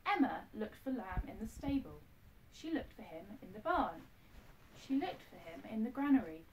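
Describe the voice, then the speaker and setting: A woman teacher filming herself at home, reading a picture book aloud to her class in a gentle, expressive way with little asides to the children. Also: medium pitch, moderate pace. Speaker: primary school teacher. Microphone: self-filmed camera. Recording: distant mic, faint background noise.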